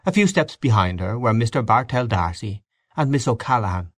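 A man giving a measured, expressive audiobook narration of a story. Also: medium pitch, no room sound. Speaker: audiobook reader. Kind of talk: scripted narration.

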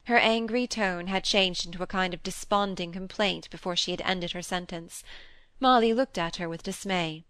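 A woman narrating a classic novel in a measured, even storytelling manner. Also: on the low side, clear, resonant tone, no echo. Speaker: audiobook reader. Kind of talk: scripted narration.

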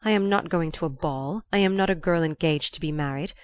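A woman reading the part of a proud, volatile young countess, shrill and imperious in an audiobook. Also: lively intonation, normal speed, dry recording, natural voice. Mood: indignant. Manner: imperious, abrupt.

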